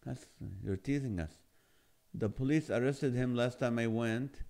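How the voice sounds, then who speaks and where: Mid-range and mellow, this middle-aged live show host speaks unhurriedly while reading out viewers' comments. The chat is relaxed and playful, and he laughs frequently at the jokes.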